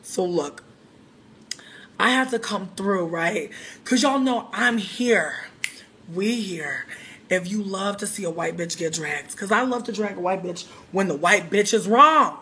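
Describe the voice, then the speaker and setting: Bright, sharp-voiced livestream host, brash and profane, casual rant from a bar. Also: medium pitch, unhurried, a little hiss or hum. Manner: loud, sassy and profane, talking straight to viewers.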